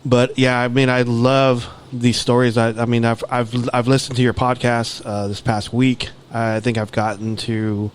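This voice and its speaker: A man co-hosts a podcast in an easygoing, frank chat. He often stumbles and repeats words before he gets going. His voice sits at a middle pitch. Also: level tone, measured pace, few pauses, smooth. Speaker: podcast co-host. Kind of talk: casual chat.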